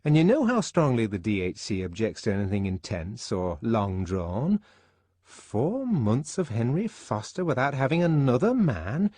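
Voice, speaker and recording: A man voicing Fanny, a gossipy young woman who scolds her friend in a shrill, mocking way. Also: very animated, measured pace, dark tone, no echo. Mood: scolding.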